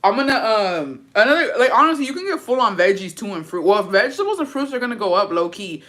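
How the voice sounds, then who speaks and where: A woman's voice: mid-range voice, expressive, quick pace, fairly bright tone. A young woman livestreaming, chatting casually and answering viewer comments in a blunt, profane and dramatic way.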